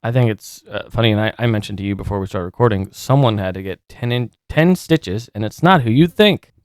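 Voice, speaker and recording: A man from Pennsylvania co-hosting a wrestling podcast, excitable and chatty. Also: fairly low pitch, brisk, clean tone, no echo, studio quality. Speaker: podcast co-host. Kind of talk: casual chat.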